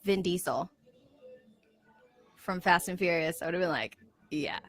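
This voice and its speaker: A woman's voice: lowish voice, normal speed. A woman co-hosting a casual live show, easygoing and laughing along with her co-host. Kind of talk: casual live-stream chat.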